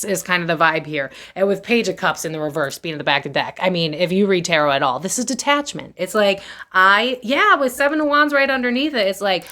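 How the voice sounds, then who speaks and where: A young woman reads tarot for her viewers in a loose, slangy way, swearing and laughing as she goes. Her voice is bright and forward. She keeps breaking into exaggerated quoted voices. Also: fairly low pitch, expressive, fairly quick, few pauses. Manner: chatty, slangy, swears freely, laughs often; acts out quoted voices with big swings. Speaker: tarot reader. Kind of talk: casual tarot reading to camera.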